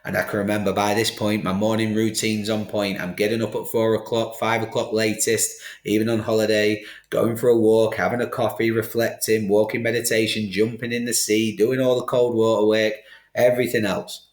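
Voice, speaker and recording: A middle-aged man with a fairly low voice tells his story in a candid, animated way, acting out the voices of the people in it. His speech carries a noticeable room echo, as if recorded in a live studio. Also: normal speed. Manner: animated, acts out quoted exchanges. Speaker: podcast guest.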